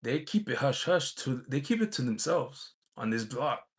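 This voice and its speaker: Casting note: a man with a gravelly, rough voice, rambling casual storyteller. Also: medium pitch, sing-song, normal speed. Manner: rambling, many fillers and restarts. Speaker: vlogger.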